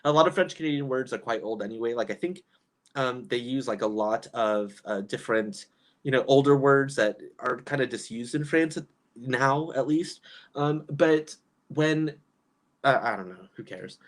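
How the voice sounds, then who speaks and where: A man's voice: medium pitch, normal speed. A young man hosting a casual livestream commentary, chatting and reading viewers' comments aloud with plenty of fillers and restarts. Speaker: YouTube commentary host.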